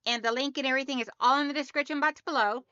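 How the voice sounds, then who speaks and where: A woman's voice: high-pitched, steady tone, very fast, sharp tone, dry recording, muffled recording. A woman hosting a sewing livestream, chatting casually and greeting her viewers one by one by name.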